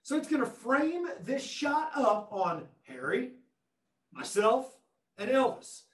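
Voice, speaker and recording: Man showing off classroom gear on a webinar, kinda high voice, jokey, roomy echo from far-off room mics. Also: sing-song, slow pace. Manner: enthusiastic, joking, talks to viewers directly. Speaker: education technology presenter. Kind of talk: live webinar demonstration. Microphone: room conference microphones at a distance. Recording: echoey classroom audio.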